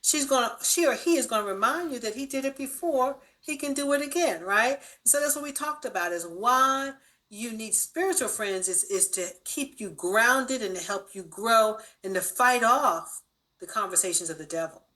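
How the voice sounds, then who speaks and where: Woman radio guest, bright and forceful tone, earnest advice-giver, leans on "right?". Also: a little high, moderate pace. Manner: earnest, advice-giving with tag questions. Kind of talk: casual radio talk.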